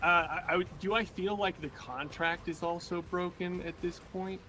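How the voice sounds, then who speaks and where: A man's voice: high voice, fairly even intonation, unhurried, pushed and bright, slight background noise. A man playing a tabletop game, describing his character's actions animatedly with many restarts. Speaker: player. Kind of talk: tabletop game play, casual chat.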